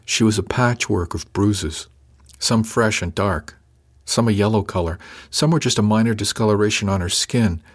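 A man narrating a first-person novel in a measured, dry, even storytelling manner. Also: lowish voice. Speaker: audiobook narrator.

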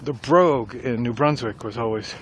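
Middle-aged guy rambling about writing, mid pitch, bit of street noise. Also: normal speed, fairly bright tone, lo-fi sound. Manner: rambling, reflective. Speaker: writer vlogger. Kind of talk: casual talk while walking.

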